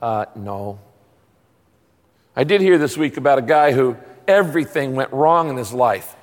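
A man preaching a sermon as pastor, emphatic and animated. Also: mid-range voice, a little fast, in a large hall.

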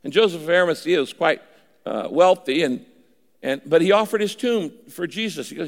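A man's voice: fairly high pitch, animated, brisk, gravelly, in a large hall. An older man preaching a sermon in a conversational way, at times voicing imagined listeners. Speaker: pastor.

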